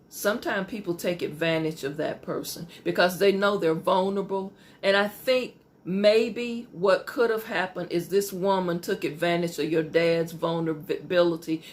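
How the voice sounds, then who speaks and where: A woman pastor hosting an advice show, reading listener letters and talking in a conversational way, repeating phrases for emphasis. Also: on the low side.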